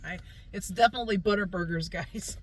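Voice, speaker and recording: A woman's voice: mid-range voice, brisk, low-quality recording. A woman hosting a casual food review vlog from inside a car, chatty and upbeat, often talking straight to her viewers. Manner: chatty, upbeat, keeps calling the viewers "guys". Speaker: vlog host.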